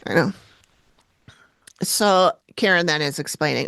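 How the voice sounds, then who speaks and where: A woman with a lowish voice co-hosts a podcast in relaxed, chatty recap talk. She quotes people with sudden jumps in pitch. The recording is dry, with no room sound. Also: moderate pace, no room sound. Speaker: podcast co-host. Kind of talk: casual recap chat.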